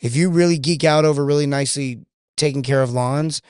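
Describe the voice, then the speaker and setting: A man's voice: a little high, a little fast, a little mellow, clear, resonant tone, no echo, clean studio sound. A man from California, a sales coach who is a guest on a podcast, chatting casually and telling stories in which he acts out both sides of conversations.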